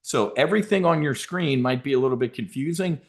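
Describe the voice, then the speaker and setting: Middle-aged male host, brash folksy market commentary, average pitch, lots of fillers. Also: a little fast. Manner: brash, folksy, emphatic, with frequent fillers and restarts. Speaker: options trading educator hosting a market briefing.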